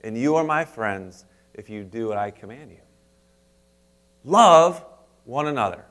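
A male pastor delivering a sermon, swinging between loud, emphatic lines and hushed, quiet asides, and putting questions straight to his congregation. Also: medium pitch.

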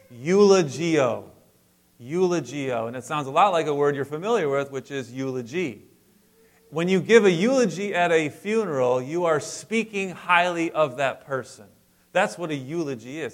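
Conversational man preaching in church. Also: on the high side. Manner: conversational preaching with asides and light humor. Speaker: pastor. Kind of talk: sermon.

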